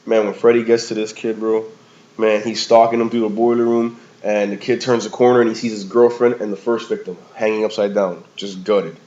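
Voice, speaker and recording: A man's voice: fairly low pitch, flat delivery, a little fast, a little mellow. A man giving a casual, rambling movie review in slangy talk, often calling the listener "man" or "bro". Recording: slightly dull lo-fi recording.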